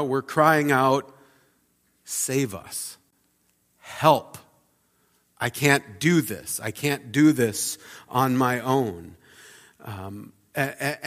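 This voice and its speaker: A man's voice: mid-range voice, a bit bright. A man in his thirties, a pastor giving a conversational, reflective sermon with frequent fillers in a church. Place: church sanctuary. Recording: long reverb of a church hall.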